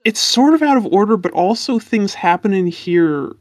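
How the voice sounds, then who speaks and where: A podcast co-host chatting casually about an anime episode, with dry, deadpan quips. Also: medium pitch, moderate pace, no room sound. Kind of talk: casual anime recap chat.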